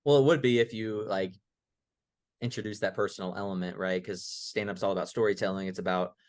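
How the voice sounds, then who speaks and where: A young man co-hosting a comedy pitch show, telling a long joke in a casual, animated way and acting out the characters as he goes. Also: fairly quick, no echo, clean studio sound. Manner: animated, acts out characters in the story.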